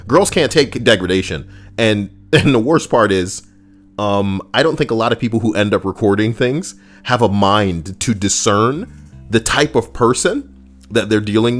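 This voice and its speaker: A man hosting a video, delivering an animated, profane commentary rant. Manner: animated, profane, swinging up and down in pitch. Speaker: video host.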